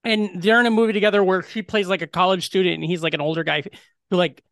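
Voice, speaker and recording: A man co-hosting a podcast in casual chat, talking in an animated way with lots of "like". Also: sits high, quick pace, no room sound, clean studio sound. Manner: animated, chatty, heavy use of "like". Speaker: podcast co-host.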